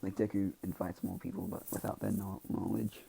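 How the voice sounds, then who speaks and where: Low, gravelly young man rambling a fan story. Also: sing-song, fairly quick, dark tone, slight background noise, low-quality recording. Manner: rambling, filler-heavy, constantly says "like". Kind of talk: casual fan-story retelling.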